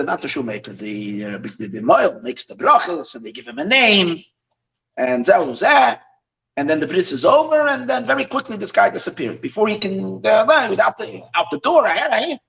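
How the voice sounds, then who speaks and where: A man, a rabbi, telling a story in a lesson, animated and halting with many restarts. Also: high voice, creaky. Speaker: rabbi teaching a class. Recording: distant mic, dull lo-fi sound.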